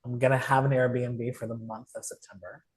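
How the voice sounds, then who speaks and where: A man in a casual conversation, his voice in a middle register. He speaks candidly, opening up about personal struggles with clear emotion. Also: mid-range voice, level tone, moderate pace, poor audio. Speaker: coach.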